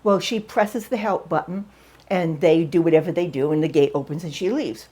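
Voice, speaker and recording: A woman in her sixties from New England telling stories in a casual home vlog, excitable and quick to laugh. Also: on the low side, breathy edge. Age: 60s. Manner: excitable, laughs often, acts out voices in stories. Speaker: vlogger. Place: at home, drying her hair.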